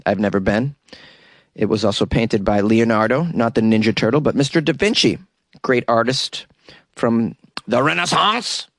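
A male comedian hosting a comedic news podcast, delivering the stories with wry, deadpan asides. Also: medium pitch, no room sound. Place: inside a closet.

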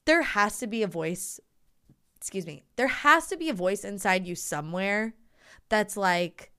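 A woman co-hosting a podcast in chatty, animated talk, using "like" often. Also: medium pitch, measured pace, clean tone. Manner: chatty and animated, heavy use of "like". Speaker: podcast co-host. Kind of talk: casual chat.

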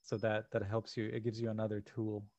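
Co-hosting a podcast, a man rambles through casual chat with many fillers and restarts. He talks briskly in a lowish, darkish voice with a completely flat delivery, and the recording is muffled.

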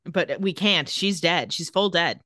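Recap co-host, woman, crisp bright tone, dry close sound, casual chat. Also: lowish voice, no room sound. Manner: retells scenes quickly, reading out dialogue in a flat voice. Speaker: podcast co-host.

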